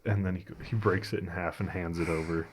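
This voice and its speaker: Player, man, lower pitch, narrates his character's moves. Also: steady tone, fairly quick, slight background noise. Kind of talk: casual tabletop play chat.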